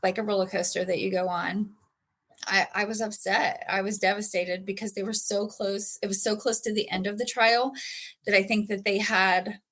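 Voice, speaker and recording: A woman's voice: mid-range voice, fairly even intonation, normal speed, fairly bright tone. Earnest woman sharing her story. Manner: earnest, emotional, with frequent fillers. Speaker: patient guest. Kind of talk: personal story in a podcast interview.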